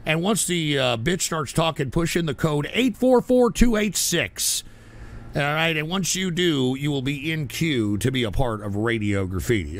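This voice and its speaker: A man hosting a call-in show, loud, abrasive and swearing as he banters with callers. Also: on the high side, animated, moderate pace. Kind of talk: profane call-in radio banter.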